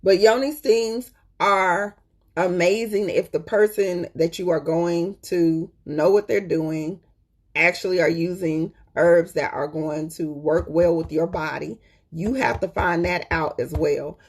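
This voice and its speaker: A woman talks in a loose, colloquial way to her viewers, calling them "y'all" and driving her points home by repeating them. Her voice sits fairly low and has a husky, breathy edge. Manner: chatty and emphatic, repeats points, checks in with "okay?". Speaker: host. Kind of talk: casual live-stream chat.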